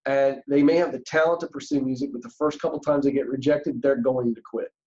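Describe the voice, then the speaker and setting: Middle-aged male podcast guest, warm dark tone, earnest and emphatic, slightly muffled lo-fi recording. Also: medium pitch, steady tone, a little fast. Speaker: career coach guest. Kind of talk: podcast interview.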